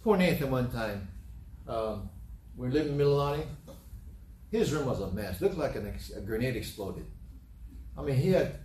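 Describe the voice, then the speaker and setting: A man's voice: medium pitch, sing-song, normal speed, pauses often, darkish tone, a little hiss or hum. A middle-aged man preaching a sermon as pastor, telling homely stories with a folksy, repetitive manner. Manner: folksy storytelling, repeats himself. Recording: roomy, from a distant mic, faint ambience.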